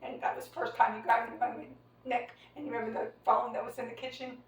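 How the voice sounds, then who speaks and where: A woman's voice: fairly high pitch, flat delivery, quick pace, far from the mic. A woman in her sixties recounting a family memory in casual conversation, rambling and hesitant with many fillers and restarts. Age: 60s. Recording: echoey room, voice from away from the mic.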